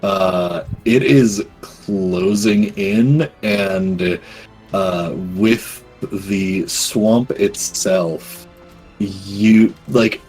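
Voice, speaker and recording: A man narrating as game master of a tabletop game, casual and halting, with many fillers. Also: lowish voice, darkish tone, husky, soft background music.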